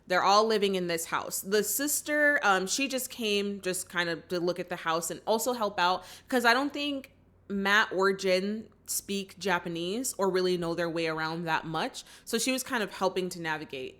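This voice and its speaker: A woman's voice: medium pitch, a bit bright. Chatty woman recapping a movie. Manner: chatty storytelling with acted-out quotes and many "like" fillers. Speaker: movie reaction host.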